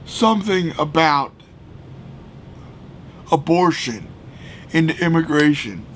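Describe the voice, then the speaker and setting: A man from the United States ranting heatedly about politics, profane and often shouting. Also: fairly high pitch, animated, slow, a little hiss or hum. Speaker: political vlogger.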